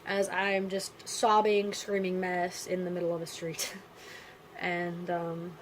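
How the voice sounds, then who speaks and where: Quiet, halting woman vlogger. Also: on the low side, monotone, slight background noise, poor audio. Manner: subdued, halting and quiet, with frequent pauses; candid, casual with blunt swearing. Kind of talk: personal storytelling to camera.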